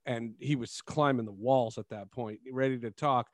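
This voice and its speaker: A man hosting a sports podcast, telling stories in a casual, animated way and laughing often. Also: mid-range voice, moderate pace, dry recording. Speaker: podcast host.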